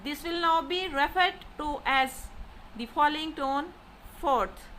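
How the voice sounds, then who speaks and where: A woman teaches a language lesson in a slow, deliberate way, pausing to sound out example syllables with exaggerated tones. Her voice sits high and bright, and she keeps her pace unhurried. Faint noise hums behind her. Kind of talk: slow explanatory lesson narration.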